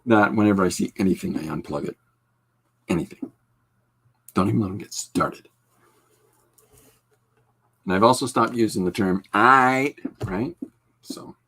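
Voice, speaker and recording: Man, podcast host, gravelly, husky, casual rambling chat, dry humor. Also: sits low, normal speed, long pauses. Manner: rambling, dry self-deprecating humor, many fillers. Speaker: podcast host and comic artist.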